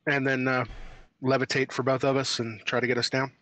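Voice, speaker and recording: A man's voice: mid-range voice, level tone, brisk, sharp tone. A man playing a tabletop game, talking hesitantly with many fillers. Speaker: player. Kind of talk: casual tabletop play.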